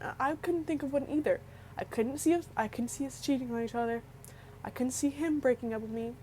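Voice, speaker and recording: A woman's voice: mid-range voice, a little hiss or hum, low-quality recording. A young woman vlogger telling an emotional personal story in a rambling way, often restarting her sentences. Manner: emotional, rambling, with frequent restarts and quoted dialogue.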